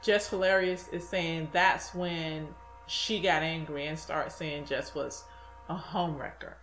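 A woman hosting a chat show, recapping the story at an unhurried pace and hedging her details. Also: low voice, fairly even intonation, fairly bright tone, faint music behind. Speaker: show host. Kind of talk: casual chat. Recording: echoey room.

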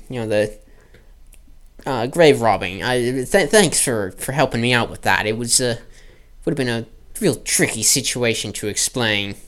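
A man's voice: mid-range voice, close to an everyday voice. A man voicing a scruffy male informant who stammers and repeats himself, in a clumsy put-on accent. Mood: nervous. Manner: stammering, repeats words, then a fake working-class accent.

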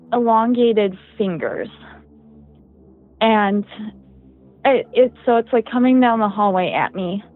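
Tinny-sounding young woman rambling casually. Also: mid-range voice. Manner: rambling, heavy use of "like" and "um". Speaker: guest storyteller. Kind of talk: casual podcast chat. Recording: tinny phone-like dry sound.

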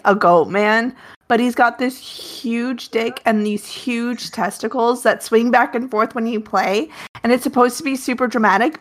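Laughing woman co-host telling a story. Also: a little high. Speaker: podcast co-host. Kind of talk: casual chat.

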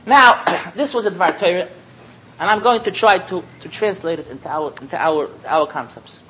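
A man giving a Torah talk as a sermon, an animated storyteller who repeats phrases and chuckles often. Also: high voice, moderate pace, a little hiss or hum, poor audio. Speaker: Torah teacher.

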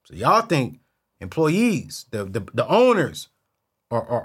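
A man hosting a money show, telling a casual story to camera in a slangy, animated way and repeating words when excited. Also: mid-range voice, a little slow, slightly rough. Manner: slangy, keeps it real with viewers. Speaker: host.

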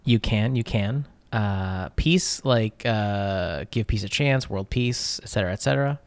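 A man hosting a comedy podcast over a remote call, asking mock-serious questions in a deadpan manner. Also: lowish voice, measured pace, no room sound. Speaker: podcast host.

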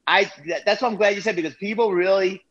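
A man's voice: high-pitched, fairly even intonation, fast, a bit bright. A man chatting casually and enthusiastically, swearing and laughing often. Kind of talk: casual chat. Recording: dull lo-fi sound.

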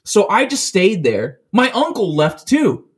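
A man's voice: high voice, very animated, measured pace. Rambling, cussing man telling a story. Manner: rambling, profane storytelling with many restarts. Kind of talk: casual chat.

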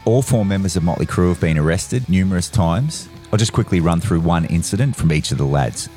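A man hosting a rock music podcast, reading out a scripted rundown in a brisk, list-reading delivery. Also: low-pitched, lively intonation, dark tone. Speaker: podcast host. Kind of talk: scripted narration.

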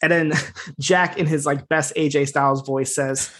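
A man's voice: a little high, fairly even intonation, normal speed, fairly bright tone. Man rambling through a show recap. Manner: rambling, filler-heavy, swears freely. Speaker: podcast co-host. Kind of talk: casual episode recap.

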